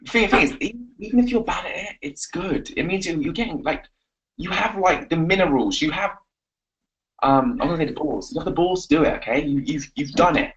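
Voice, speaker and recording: A man coaching on a live webinar, energetic and repetitive, giving pep talks. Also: on the high side, a little fast, highs cut off. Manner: energetic, pep-talking, repeats himself. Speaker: confidence coach.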